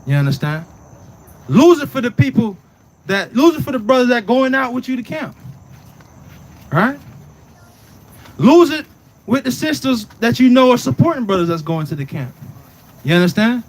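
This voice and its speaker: A man's voice: very high voice, animated, normal speed, pauses often. A man teaching scripture in a casual preaching way, often asking "right?" and "you understand?" and telling the reader to read on. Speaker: Bible teacher.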